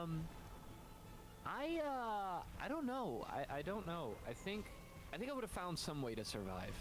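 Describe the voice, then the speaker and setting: A man's voice: mid-range voice, background noise. A young adult man chatting casually as a co-host, rambling and laid-back, with lots of fillers. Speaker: YouTuber co-host. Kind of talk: casual chat.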